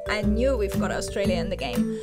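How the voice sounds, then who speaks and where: A woman's voice: medium pitch, a little fast, loud music behind the voice. A young woman, a native German speaker, talking casually to camera about her skincare and correcting herself as she goes. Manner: chatty, musing, with fillers and self-corrections. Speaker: beauty vlogger.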